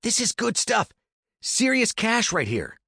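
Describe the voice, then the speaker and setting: A brash, reckless young man, as a male narrator puts him on, pushing and jeering in a high, strained voice. His lines swing wide and loud. The sound is dry and close, with no room around it. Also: huge pitch swings, unhurried, gravelly, slightly rough, no room sound, exaggerated voice. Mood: scornful. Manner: pushy, jeering, shouting.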